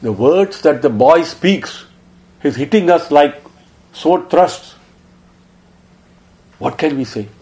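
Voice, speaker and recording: A man voicing a humble priest who speaks with hushed respect. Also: on the high side, expressive, slow pace, pauses often, voice pushed up. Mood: awestruck. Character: humble elderly priest, awestruck.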